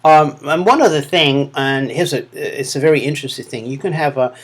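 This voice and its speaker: A man's voice: a little high, a little fast, breathy edge. A man with a Manchester accent giving recorded course feedback as a lecturer, talking hesitantly with many fillers and restarts. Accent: Manchester English. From England. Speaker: university lecturer.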